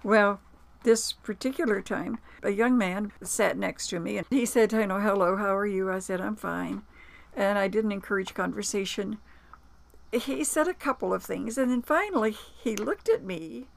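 Gravelly-voiced woman telling personal stories. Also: medium pitch. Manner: reflective, recounts anecdotes with quoted dialogue and small hesitations. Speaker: author and producer, interview guest. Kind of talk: conversational storytelling.

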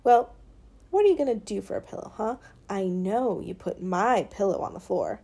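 Woman narrator voicing a bratty, bossy girl for an audiobook; needles and scolds, mid pitch. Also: lively intonation, moderate pace, slightly rough. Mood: taunting. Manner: taunting, scolding, sometimes yelling. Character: feisty bossy young girl, sharp-tongued. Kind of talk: audiobook character reading.

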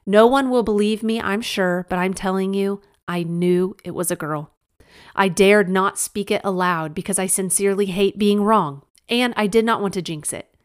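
A woman's voice: medium pitch, normal speed, clean tone. A woman narrates her own book in an audiobook reading. Her delivery is frank and emphatic, with a wry sense of humor. She speaks directly to the listener in a conversational way.

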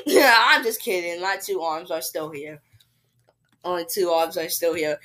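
A woman hosting a casual podcast chat, giggly and playful, often breaking into squeals and shouts. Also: lowish voice, measured pace. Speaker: podcast host.

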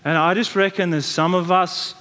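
A man's voice: high-pitched, steady tone, moderate pace, sharp tone. A man preaching a sermon, telling the story in a conversational way with frequent restarts and repeated words. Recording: long reverb from a large hall.

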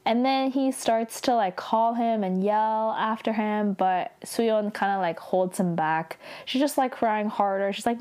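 A woman's voice: medium pitch, measured pace, a little mellow. A young woman recapping a television drama episode in casual chat, filling her talk with "like" and acting out the characters' lines. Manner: chatty, heavy use of "like", acts out quotes with laughs.

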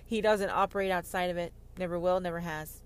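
A woman giving a heated monologue on faith, sarcastic and profane, swinging from loud outbursts to whispers. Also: fairly low pitch, fairly even intonation, fairly quick, clear, resonant tone. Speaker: online Christian commentator.

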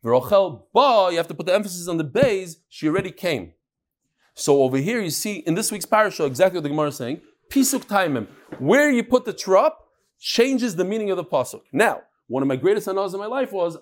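A man's voice: sits high, big pitch swings, fast talker. A man, teaching a Talmud class and telling stories with Hebrew and Yiddish terms.

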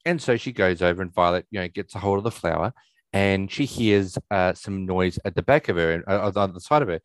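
Man, podcast co-host, lowish voice, rambling recap, dry close sound. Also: no room sound, poor audio. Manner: rambling, retelling scenes with many restarts. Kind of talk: casual movie recap chat.

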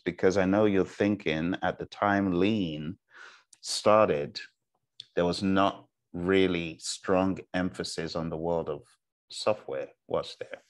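Slow, deep-voiced male instructor. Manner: deliberately slow, repeats checks like "okay?" and "all right?". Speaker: exam prep instructor. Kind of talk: recorded online lecture.

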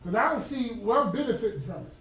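A man with a very high voice preaches a conversational sermon at a fast clip. He's emphatic and funny, animatedly telling stories from his own daily life. The recording comes from far off in an echoey room.

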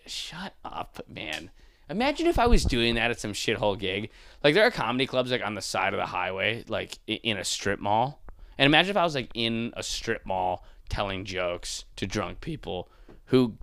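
A man's voice: on the low side, dry recording. Young man, comedian, loose profane rant, mocking voices, dry close sound. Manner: animated, profane, mocking impressions.

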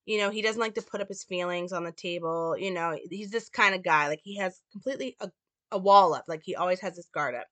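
A woman's voice: on the low side, brisk, sharp tone, no echo. Casual woman explaining a film scene. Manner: casual, with many fillers like "like" and "um". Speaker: presenter. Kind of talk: reading and explaining a film script.

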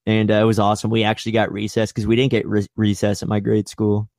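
A young man casually telling a profane, playful story and acting out other people's voices with big jumps in pitch. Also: monotone, quick pace, darkish tone, no room sound, studio quality.

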